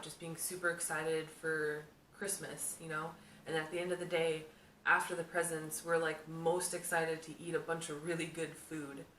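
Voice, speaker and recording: A young woman chatting casually to camera, answering questions about herself in a lively storytelling way. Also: low voice, a little hiss or hum. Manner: chatty, animated storytelling with laughs. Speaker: vlogger, homemaker. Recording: echoey room, mic at a distance.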